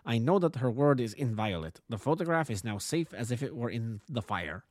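A man voicing an excitable, emotional middle-aged king who exclaims effusively. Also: medium pitch, a little fast, dry recording, studio quality, natural voice.

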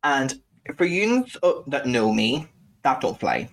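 A man with a Scouse accent, co-hosting a casual podcast and ranting freely. He talks bluntly and swears a lot, with a voice of middling pitch. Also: sing-song, takes it slowly, creaky. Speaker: podcast co-host.

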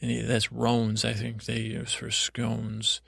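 A man with a heavily gravelly, fry-laden voice drifts through a bedtime story in a near-monotone. He meanders and stumbles through restarts and asides. The sound is close and dry, with no room around it. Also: mid-range voice, slow, no echo. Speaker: podcast host.

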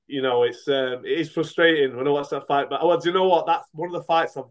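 A man's voice: on the high side, fairly even intonation, fast talker, highs cut off. A middle-aged man, a boxer and coach, talking casually in an interview. He speaks frankly, rambling with many restarts and fillers.

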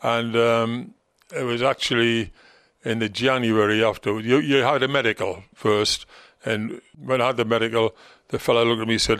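Brisk and steady in tone, an older ex-football manager from Gateshead, North East England, looks back on his career as an interview guest. He is a teasing, talkative storyteller who quotes others in their own voice, his medium, slightly bright voice captured at studio quality with no room sound.

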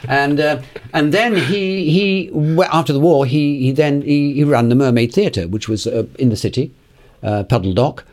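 A man's voice: on the high side, normal speed, a little mellow. A man, telling long personal stories as an interview guest, chuckling and repeating words as he recalls them. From England. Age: 80s. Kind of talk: anecdotal storytelling in conversation.

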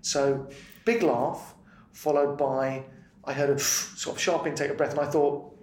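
A middle-aged man with a British accent, a comedian guest telling an animated anecdote in casual chat. He laughs freely and swears often. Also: a little high, a little slow. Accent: British English. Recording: roomy and distant with faint noise.

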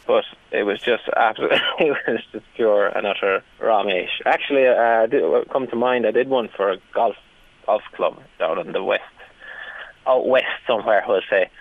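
A man, a stand-up comedian, tells rambling, animated stories from the road. His voice has a gravelly, creaky edge. It comes through a thin, phone-like line. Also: lowish voice, normal speed, dry recording. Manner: animated anecdotes, frequent laughs and restarts. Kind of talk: casual storytelling interview.

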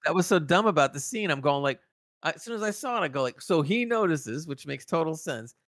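A man's voice: a little high, no echo, studio quality. A man co-hosting a casual review podcast who jumps in and argues his points with energy. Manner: animated, quick to interject and argue a point. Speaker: podcast co-host.

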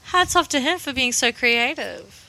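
A woman's voice: high-pitched, animated, moderate pace, creaky, sharp tone, low-quality recording. A young woman co-hosting a casual podcast chat, easygoing and full of fillers. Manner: easygoing, filler-heavy, laughs often. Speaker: podcast co-host.

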